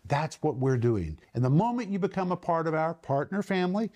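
A man hosting a televised Bible teaching, speaking emphatically and slowing down to stress key words. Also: fairly high pitch, mellow. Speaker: Bible teacher and program host.

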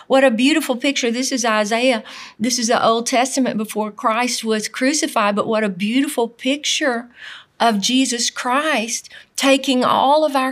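A middle-aged woman preaching a sermon in an earnest, emphatic way, often repeating her phrases. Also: sits high.

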